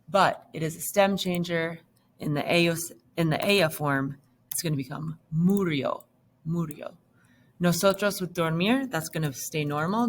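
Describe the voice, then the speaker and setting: Woman teacher, lower voice, unhurried delivery, patient walkthrough, faint hiss behind. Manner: patient, step-by-step explaining. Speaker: Spanish teacher. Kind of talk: recorded grammar lesson.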